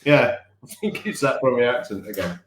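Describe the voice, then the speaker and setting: A man's voice: mid-range voice, sing-song, moderate pace, reverberant, a little hiss or hum. A man co-hosting a casual live-stream podcast from home, chatty and rambling, often laughing at himself. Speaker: podcast co-host.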